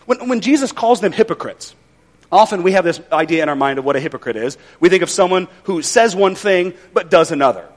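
A man's voice: sits high, brisk. A male pastor preaching a sermon in a conversational, folksy way with wry humor.

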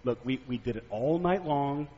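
A weary fisherman sighs his way through his complaints with grudging, forced patience, as a preacher acts him out. The voice is husky and sits lower than the preacher's usual tone. It is heard as a dull, lo-fi recording in a long, echoing hall. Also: animated, normal speed. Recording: echoey hall, dull lo-fi sound.

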